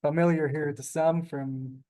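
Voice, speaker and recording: Patient teacher from israel, slow and polite, voice a bit high for a man. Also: fairly even intonation, dark tone. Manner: patient, explains step by step; polite, answers students with "yes, ma'am". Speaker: Hebrew teacher. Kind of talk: classroom lesson over video call.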